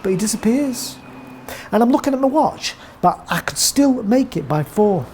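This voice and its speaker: English woman doing a dry deadpan story monologue, warm low-key tone, wry and rambly. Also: normal speed, a little hiss or hum. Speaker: narrator. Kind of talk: first-person comic monologue.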